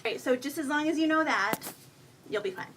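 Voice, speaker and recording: A woman's voice: sits high, a little fast. A woman in her thirties reading her own humorous first-person story aloud at a live event, with a wry, self-mocking delivery. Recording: faint noise, voice a bit far from the mic.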